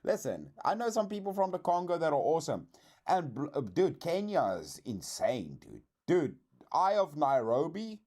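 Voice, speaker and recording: Animated South African man streaming. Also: on the high side, moderate pace. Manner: animated, slangy, says dude a lot, swears. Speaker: streamer host. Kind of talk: casual livestream reaction chat.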